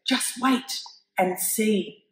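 A woman voicing a small, clever male mouse who talks in a sly, measured way. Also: fairly low pitch, echoey room, distant mic, natural voice, low-quality recording.

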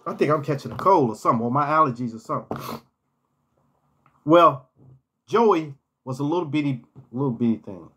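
A man's voice: on the high side, animated, brisk, pauses often, fairly bright tone, a little hiss or hum. A man telling personal stories in a casual storytime vlog, rambling and often repeating words and restarting his phrases.

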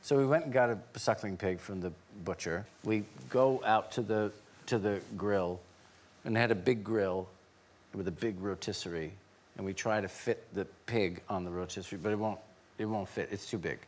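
A man's voice: lowish voice, normal speed. A man who is a guest on a TV talk show, telling a story with animation and laughing as he goes. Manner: animated anecdote, laughing as he tells it. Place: TV studio before an audience.

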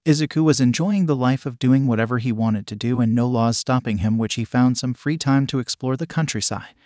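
A man narrating fan fiction in a flat, even, scripted reading. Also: medium pitch, a little fast, no room sound, clean studio sound. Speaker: fanfic reader.

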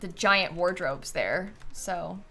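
Her voice is fairly low, pushed and bright, and she talks slowly while faint music plays in the background. The woman is streaming a game, giving casual commentary to her chat, musing as she decorates, and yawning often because she's tired.

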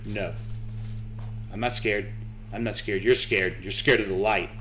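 A man's voice: fairly low pitch, fairly even intonation, unhurried, a bit bright, a little hiss or hum. A young man commentating his own horror game playthrough, nervous, swearing and talking to himself and to the game. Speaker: gaming channel host.

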